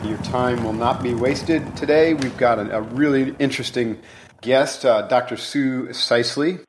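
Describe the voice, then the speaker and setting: A man hosting a podcast in a casual, upbeat manner, chatty and quick to joke. His voice sits at an ordinary middle pitch. He leads the interview with easygoing questions. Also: slight background noise. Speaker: podcast host.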